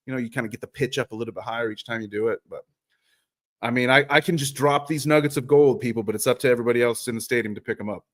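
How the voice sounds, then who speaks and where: A man's voice: mid-range voice, very fast, fairly bright tone. A man hosting a live soccer chat show, rambling, self-mocking and dropping the odd curse. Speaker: podcast host.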